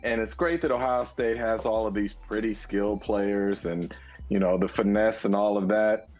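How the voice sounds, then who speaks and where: A man's voice: fairly low pitch, moderate pace, a little mellow, soft background music. A man co-hosting a casual sports talk show, arguing his points emphatically, almost like preaching. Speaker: co-host.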